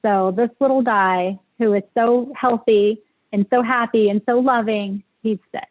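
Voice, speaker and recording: A woman's voice: a little high, steady tone, unhurried. A woman guest telling a personal story in an interview, hesitant and emotional, with many fillers. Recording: tinny phone-like line.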